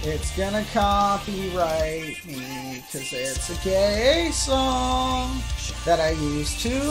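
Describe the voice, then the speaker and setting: A woman streaming a game live, commentating in a profane, excitable, trash-talking way. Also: lowish voice, gravelly, poor audio. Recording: game music underneath.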